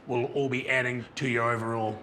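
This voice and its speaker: A man with a New Zealand accent co-hosting a comedy show, delivering laconic, mumbled deadpan asides. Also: medium pitch, a little fast, a little hiss or hum.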